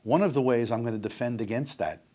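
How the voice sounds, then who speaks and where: A man's voice: mid-range voice, quick pace, dark tone. An older man speaking on addiction recovery in an earnest, emphatic lecture that repeats its points.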